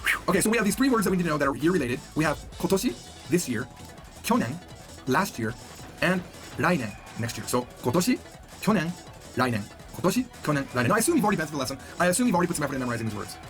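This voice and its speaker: Fast, lively male language teacher. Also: on the high side, soft background music. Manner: upbeat, chatty, repeats words for drill. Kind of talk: recorded beginner lesson.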